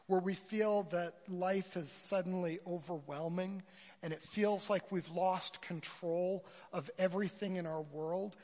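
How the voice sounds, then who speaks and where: A man preaching a sermon to a congregation, retelling a story with a storyteller's flair. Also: high voice. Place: church sanctuary. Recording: church hall reverb.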